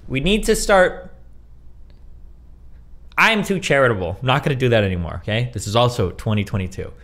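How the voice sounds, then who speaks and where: A male streamer rants at his viewers, swearing freely and mocking the people he argues against. His pitch jumps up and down all the time, and he speaks at an ordinary middle height. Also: animated, fairly quick, a bit bright. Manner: profane, heated, mocking. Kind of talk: casual livestream rant.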